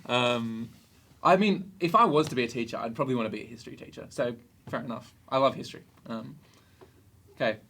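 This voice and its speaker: A man's voice: mid-range voice, a little fast, fairly bright tone, a little hiss or hum. A young man hosting a casual podcast chat as a youth group leader, chatty and easygoing, joking and laughing often.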